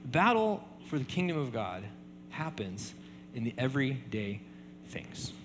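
A man preaching a sermon in a relaxed conversational way, often checking in with "right?". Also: medium pitch, unhurried, in a large hall, a little hiss or hum. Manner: conversational, many fillers and repeated tag questions. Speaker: pastor.

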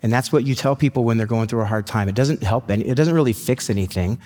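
Guy preaching a sermon, chatty and easygoing, slows for scripture, long echo in a church hall. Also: mid-range voice, a little mellow. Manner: conversational, storytelling, slows down for scripture. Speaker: pastor.

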